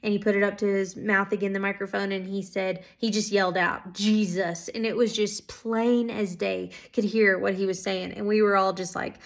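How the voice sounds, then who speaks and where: A woman telling stories of answered prayer to her viewers, casual and excited, with lots of "um"s and "like"s. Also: medium pitch, normal speed, creaky, hardly any pauses. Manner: excited, filler-heavy, many "like"s and "um"s. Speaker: ministry school student. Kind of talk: casual testimony storytelling.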